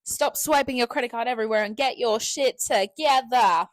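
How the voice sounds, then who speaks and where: A woman's voice: fairly high pitch, normal speed, dry recording. A young woman co-hosting a casual podcast chat, playful and giggly, rambling as she talks. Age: young adult. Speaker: podcast co-host. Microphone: new podcast microphone.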